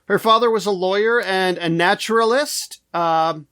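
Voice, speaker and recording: A man's voice: high-pitched, normal speed, fairly bright tone, smooth. A man co-hosting a podcast, joking dryly while he presents history research in a casual chat. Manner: wry, joking delivery while reading out research. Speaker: co-host presenting the history segment.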